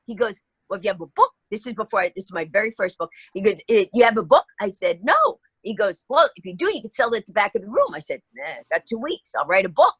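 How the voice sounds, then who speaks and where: A woman's voice: mid-range voice, sing-song, quick pace, hardly any pauses, a bit bright, husky, no echo. A middle-aged woman guest telling a story in a podcast interview, acting out both sides of the dialogue. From New York.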